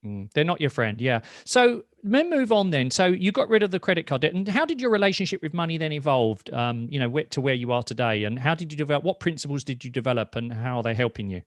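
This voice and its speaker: A man hosting an interview, chatty and animated when telling his own anecdotes. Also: fairly high pitch, fast, few pauses, no room sound, studio quality. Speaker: host and interviewer. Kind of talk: conversational interview.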